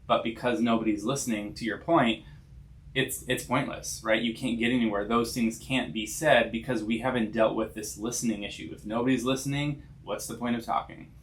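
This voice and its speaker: A man's voice: medium pitch, steady tone, a little fast. Man explaining things on a therapy podcast. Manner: thoughtful, explanatory, tag questions. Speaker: podcast co-host, licensed counselor. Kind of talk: casual conversational podcast.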